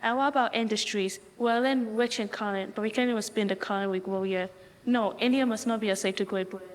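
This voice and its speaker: A woman's voice: medium pitch, fairly even intonation, fast, natural voice. An actress playing a determined Indian mother who speaks firmly and earnestly. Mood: impassioned. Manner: firm, earnest. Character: determined Indian mother, principled adult woman. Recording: hall reverb, faint ambience.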